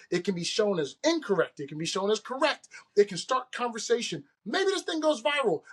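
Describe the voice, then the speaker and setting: Man, podcast host, husky voice, earnest, conversational, solo monologue. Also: sits high, a bit bright. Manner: earnest, conversational, laughs at his own slip-ups.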